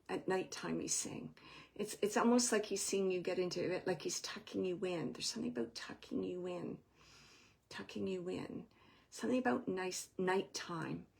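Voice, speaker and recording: Husky-voiced woman medium, gentle and soft. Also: lowish voice. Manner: gentle, meandering, relays messages with soft asides. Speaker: medium giving readings. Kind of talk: live spirit reading for audience members.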